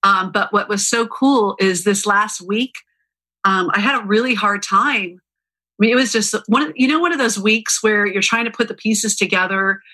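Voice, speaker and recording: A woman's voice: medium pitch, moderate pace, bright, forceful tone, low-quality recording. A woman guest on a podcast, talking earnestly and repeating words for emphasis. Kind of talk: casual interview talk.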